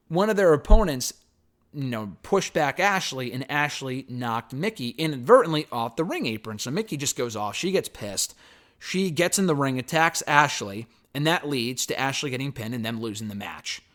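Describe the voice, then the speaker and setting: A man's voice: mid-range voice, lively intonation, normal speed, a bit bright. A man giving a loose, chatty spoken recap and review of a wrestling show. He swears casually and waves off details with "blah, blah, blah.".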